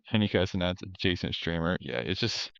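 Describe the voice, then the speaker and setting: A man's voice: deep voice, animated, brisk, fairly bright tone, clear, resonant tone, no room sound, muffled recording. A man streaming, giving casual reaction commentary in a blunt, profane, ranting way with many restarts.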